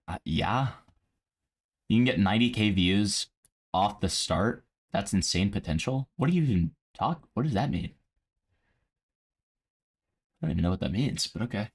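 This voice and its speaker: A man's voice: fairly low pitch, husky. A man live-streaming a casual reaction, profane and mocking.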